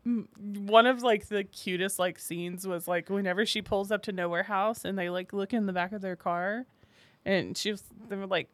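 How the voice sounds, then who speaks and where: A woman's voice: mid-range voice, steady tone, moderate pace, no echo. A woman co-hosting a casual book chat, giggling often and saying "like" a lot. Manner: giggly, lots of "like". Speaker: podcast co-host.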